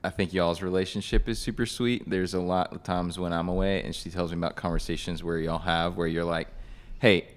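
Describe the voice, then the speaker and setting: A man's voice: sits low, flat delivery, brisk, few pauses. A man, co-hosting a casual podcast chat in an easygoing, laid-back way. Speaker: podcast co-host, husband.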